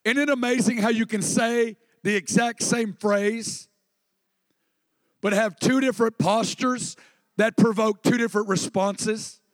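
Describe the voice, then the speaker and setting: A man with a high voice preaching to a congregation in a church sanctuary. He talks it through conversationally and prompts the room to answer back. His voice rings with a long hall reverb, though the mic itself sounds close and dry. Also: fairly even intonation, measured pace. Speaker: pastor. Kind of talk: sermon.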